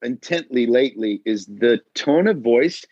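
A man's voice: medium pitch, lively intonation, a little slow, darkish tone, dry recording, highs cut off. A man talking as a podcast guest in casual chat, a firefighter and dad who acts out quoted voices and says dude and bro.

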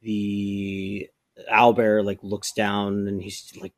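A man's voice: fairly low pitch, completely flat delivery, takes it slowly, no room sound. A man running a tabletop game as game master, narrating the scene loosely with fillers.

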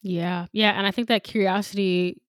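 A woman's voice: medium pitch, fairly even intonation, normal speed, no room sound, studio quality. A woman co-hosting a podcast in casual chat, reflective and thinking aloud. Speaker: podcast co-host.

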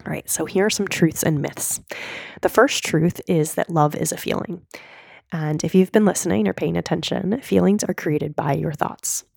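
A woman in her thirties hosting a solo podcast, coaching listeners in an earnest, direct way while hoarse from a cold. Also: on the low side, moderate pace, a little mellow, no echo, studio quality. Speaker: podcast host and mindset coach.

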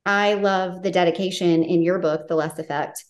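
The podcast host, who is also an author, speaks at normal speed in a fairly low, steady voice. In this casual interview she gushes over her guest with heartfelt praise and becomes emotional.

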